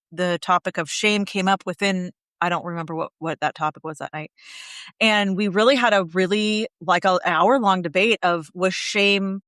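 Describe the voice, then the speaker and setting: A woman guest on a podcast, talking in a loose, candid way with plenty of swearing and lively tangents. Her voice sits at an ordinary middle pitch. The sound is close and dry, with no room around it. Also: dry recording. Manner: candid and animated, swears freely. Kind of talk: casual podcast conversation.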